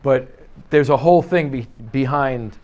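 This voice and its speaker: A man leading a live sales training session in an office, coaching with energy and acting out quick client exchanges. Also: mid-range voice, a little mellow. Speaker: real estate sales trainer. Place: office meeting room.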